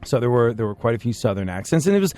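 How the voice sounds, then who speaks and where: A man's voice: medium pitch, sing-song, rapid-fire, darkish tone, faint music behind. A man hosting a podcast in casual chat, talking in a wry, rambling, self-deprecating way. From England. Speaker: podcast host.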